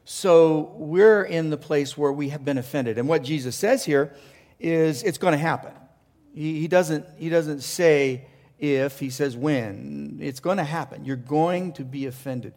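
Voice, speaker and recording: A man's voice: on the high side, a little slow, darkish tone. A male pastor preaching a passionate sermon, asking rhetorical questions and often restarting his sentences. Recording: long reverb of a large hall.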